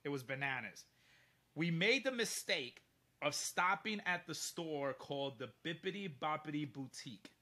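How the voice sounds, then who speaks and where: A man telling a story in casual chat, animated and profane, often laughing mid-sentence. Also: on the high side, moderate pace. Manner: animated, profane, laughs through his stories.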